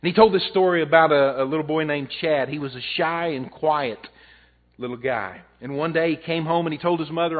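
A man's voice: fairly high pitch, normal speed. A male pastor preaching a sermon, telling a story and swelling and dropping his voice for emphasis. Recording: tinny phone-like audio.

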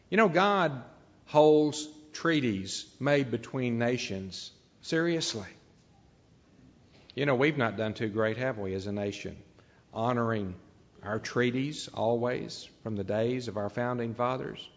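Male preacher, mid-range pitch, halting then emphatic delivery, muffled recording in a reverberant hall. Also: animated. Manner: unscripted delivery with frequent "uh" pauses, building to emphatic peaks. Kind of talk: sermon.

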